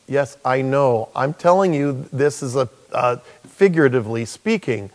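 A man preaching a sermon, animated and jokey, acting out bits of dialogue as he goes. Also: fairly high pitch, moderate pace. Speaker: pastor.

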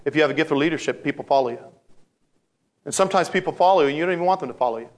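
A male pastor preaching a sermon in an animated storytelling manner, acting out voices and repeating phrases for emphasis. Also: on the high side, racing.

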